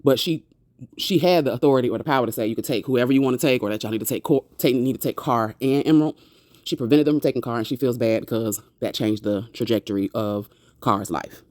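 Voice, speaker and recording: A woman's voice: extremely low pitch, fast, a little mellow, no echo, studio quality. A woman casually recapping a TV episode in a chatty, sassy way, full of slangy asides. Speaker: TV recap vlogger.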